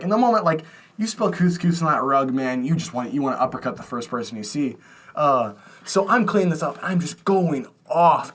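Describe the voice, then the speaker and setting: A man's voice: fairly high pitch, breathy edge. A young man co-hosting a podcast, telling a rambling, self-mocking story in casual chat. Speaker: podcast co-host.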